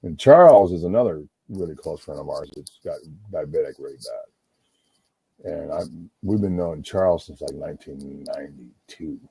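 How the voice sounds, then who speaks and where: A man's voice: a bass voice, expressive, normal speed, creaky, warm tone, husky. A middle-aged man rambling and swearing in a casual livestream monologue, talking over himself. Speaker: livestream host on a phone call.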